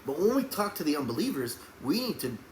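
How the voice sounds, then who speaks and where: A man preaches with a fairly high, lively voice that leaps between hushed pleading and fiery shouting. His sermon rings around an echoey room with a faint hum of noise behind him. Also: quick pace.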